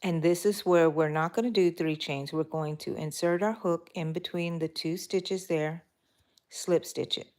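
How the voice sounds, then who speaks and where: A woman's voice: lowish voice, fairly even intonation, a little slow, darkish tone. A middle-aged woman, chatting casually with live viewers while she crochets. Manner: chatty, laughing, talks to viewers. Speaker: crochet vlogger.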